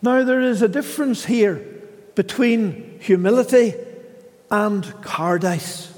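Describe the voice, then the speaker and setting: A man preaching a sermon in a slow, measured way, pausing often and voicing the scripture quotes he reads. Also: sits high, darkish tone, in a large hall.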